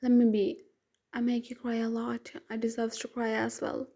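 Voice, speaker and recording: A woman's voice: on the high side, completely flat delivery, moderate pace, mellow. A woman voicing a remorseful young husband who pleads tearfully for forgiveness.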